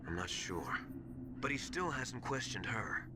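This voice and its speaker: A measured military advisor. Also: male voice, on the low side, very animated, heavy background noise. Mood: doubtful. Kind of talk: video game voice acting.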